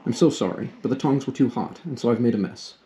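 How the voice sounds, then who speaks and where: A man's voice: mid-range voice, fast, dark tone, a little hiss or hum, close to an everyday voice. A man voicing Jo, a clumsy, tomboyish teenage girl who talks in a rush, in a storybook read-aloud. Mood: remorseful.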